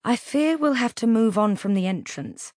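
A woman voicing a nervous, fussy male reverend who talks in a hurried, eager-to-please way. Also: fairly high pitch, lively intonation, darkish tone, no room sound, clean studio sound, pitched above the performer's own voice, close to an everyday voice. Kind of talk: audiobook character voice.

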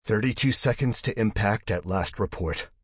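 A man voicing a calm, steely starship captain in an audiobook, calm with an unmistakable edge. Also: fairly low pitch, moderate pace, husky, no room sound, clean studio sound, pitched above the performer's own voice.

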